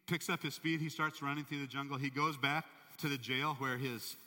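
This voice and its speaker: Bright-voiced man preaching in a hall. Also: medium pitch, normal speed. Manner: conversational, animated storytelling. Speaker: pastor. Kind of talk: sermon with storytelling.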